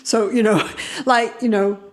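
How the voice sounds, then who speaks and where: A woman psychologist speaking as an interview guest, telling stories in a lively way, acting out other people's voices and laughing often. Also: on the high side, measured pace. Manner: animated, acts out quoted voices, laughs often. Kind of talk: conversational interview storytelling.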